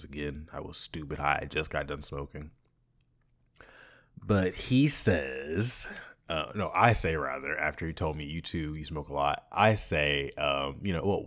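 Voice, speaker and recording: Young man, deep voice, casual podcast storytelling, crude, animated, laughs a lot. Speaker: podcast host.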